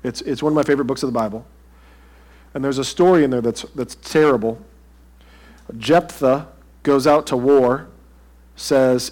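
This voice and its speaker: A man's voice: mid-range voice, fairly even intonation, moderate pace, darkish tone. A pastor preaching a sermon to his congregation in a conversational way, asking them direct questions.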